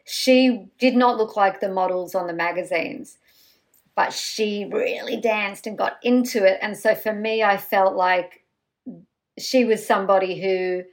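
A woman guest on a podcast, telling stories in an animated, self-mocking way. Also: medium pitch, a little slow. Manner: lively, self-mocking storyteller.

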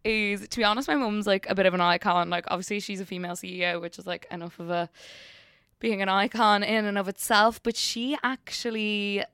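A young Irish woman with a south Dublin lilt chats freely as a guest, peppering her stories with "like" and quick laughs. Her voice is bright and crisp, recorded close in a dry space. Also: mid-range voice, fairly even intonation, dry recording. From Ireland. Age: 20s. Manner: chatty, laughs often, fillers of "like". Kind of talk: casual chat.

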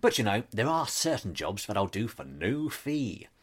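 A man's voice: fairly low pitch, very animated, moderate pace, slightly rough. A man delivering a scripted comic monologue as a pompous, self-important actor, with dry asides. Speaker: comedic narrator playing a pompous actor.

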